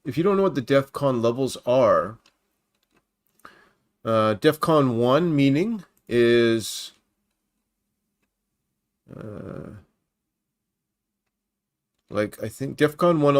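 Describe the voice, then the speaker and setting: Chatty man hosting a livestream. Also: medium pitch. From Canada. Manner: chatty and rambling, greets viewers by name. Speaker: Christian livestream host. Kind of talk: casual livestream, reading news off screen. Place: at home by his computer.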